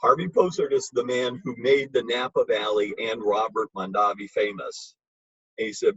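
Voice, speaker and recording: A man's voice: fairly low pitch, steady tone, normal speed, a bit bright, slightly rough, dry recording. A man giving an informal, emphatic lecture on wine with blunt, chatty asides. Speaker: wine educator. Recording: dull lo-fi recording.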